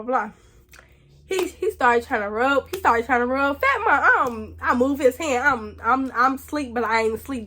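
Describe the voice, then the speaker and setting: High-voiced young woman, blunt and profane. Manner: blunt, profane and animated, slangy. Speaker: vlogger. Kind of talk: casual storytime.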